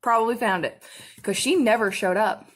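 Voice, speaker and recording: Young woman, husky and slightly high, animated casual storyteller for a makeup vlog. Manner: animated storytelling, acting out customers in quick bursts. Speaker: makeup vlogger. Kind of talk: casual storytime chat while doing makeup.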